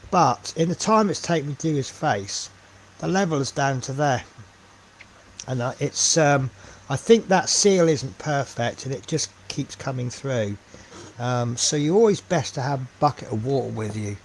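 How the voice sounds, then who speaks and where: A man's voice: mid-range voice, slight background noise. A man chatting casually on a live stream while he paints miniatures, thinking aloud with many ums and trailing asides.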